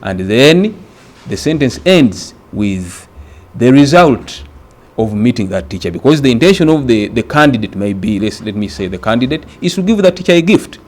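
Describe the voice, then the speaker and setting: A man from Uganda teaching an exam-prep grammar lesson, speaking deliberately and repeating words for emphasis. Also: mid-range voice, very animated, darkish tone.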